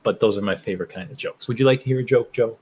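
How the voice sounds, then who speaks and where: A man's voice: lowish voice, rapid-fire, a little mellow, a little hiss or hum, low-quality recording. A man co-hosting a podcast, chatting casually and laughing as he tells a long groaner joke. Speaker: podcast co-host. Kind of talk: casual chat.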